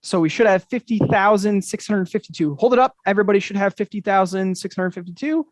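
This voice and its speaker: A man's voice: high-pitched, fast, no room sound. A man hosting an interactive magic show over a video call, talking to the audience with upbeat, enthusiastic patter. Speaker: magician and host.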